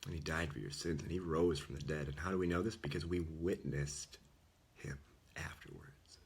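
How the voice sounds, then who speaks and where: A man's voice: a bass voice, normal speed, husky. A man giving an earnest, informal Christian talk, often dropping to a whisper. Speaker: Catholic speaker. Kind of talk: casual sermon.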